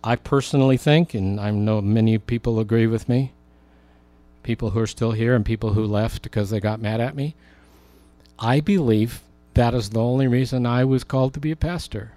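A man preaching a sermon as a pastor, rising for emphasis and slowing down on key words. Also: medium pitch, warm tone, dry recording.

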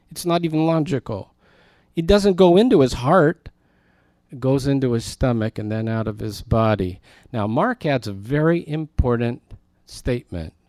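A man of middle pitch leads a Bible teaching, reading verses and then breaking off for lively asides to his listeners. His tone is conversational but emphatic. The sound is dry and close, with no room echo.

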